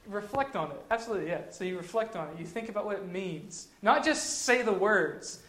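A man's voice: sits high, lively intonation, brisk, fairly bright tone. A man giving casual devotional teaching, talking in a conversational way and repeating phrases for emphasis. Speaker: Christian teacher. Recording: echoey room.

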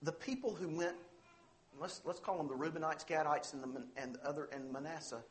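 Earnest, higher-voiced man preaching a sermon. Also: a little fast, slight background noise. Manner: earnest, emphatic preaching with rising stress on quoted scripture. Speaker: pastor.

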